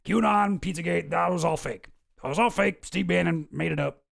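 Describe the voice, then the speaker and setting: A man's voice: fairly high pitch, moderate pace, creaky. A man doing a sarcastic impression of a blustering talk-show host making a fake, rambling confession. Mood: mock-sincere. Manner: mock-sincere, sarcastic, rambling.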